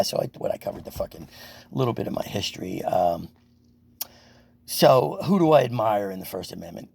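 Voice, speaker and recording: A man's voice: sits low, gravelly, darkish tone, a little hiss or hum. A man delivering an angry, profane, rambling political rant to his viewers, with lots of restarts. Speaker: First Amendment auditor vlogger.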